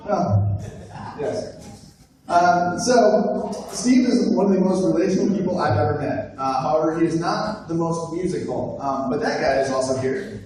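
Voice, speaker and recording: A man's voice: on the high side, moderate pace. A young man emceeing a live roast, reading a top-ten list with frequent hesitant fillers. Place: large echoey room at a live event. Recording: echoey room, far mic, noisy. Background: audience laughter.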